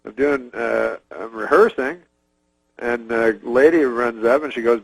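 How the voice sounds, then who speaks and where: A man from Canada, telling a long casual story as a comedian guest in a rambling, halting, deadpan way. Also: medium pitch, vocal fry, breathy edge, no room sound, low-quality recording. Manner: rambling, halting, deadpan, many fillers and restarts.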